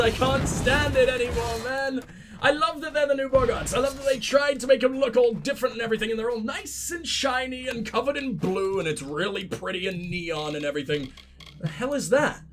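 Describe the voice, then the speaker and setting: High-voiced, sweary let's play host. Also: male voice, noisy background. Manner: sweary, sarcastic, excitable. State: sick, stuffy-nosed. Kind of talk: gameplay commentary.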